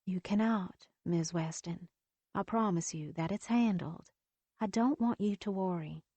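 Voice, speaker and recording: A woman voicing a kind female nurse who speaks gently, steadily and reassuringly. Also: lowish voice, a little slow, no room sound.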